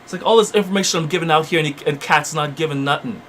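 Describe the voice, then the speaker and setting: A man's voice: fairly high pitch, quick pace, a bit bright, slight background noise. A man hosting his channel, delivering fiery, repetitive spiritual motivational preaching. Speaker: channel host.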